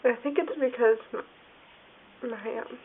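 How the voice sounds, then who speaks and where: A woman talking in a casual video diary, rambling and halting, with lots of "like" fillers. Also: fairly high pitch. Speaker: vlogger. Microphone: phone or camera filming herself. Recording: tinny phone-like sound with faint hiss.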